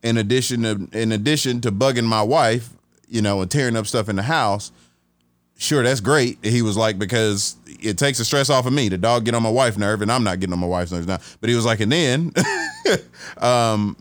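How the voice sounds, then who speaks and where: A man from Atlanta hosting a podcast, telling a story in a casual, animated way, restarting sentences and acting out the voices he quotes. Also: lowish voice, a little fast, no room sound, clean studio sound. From Atlanta, USA.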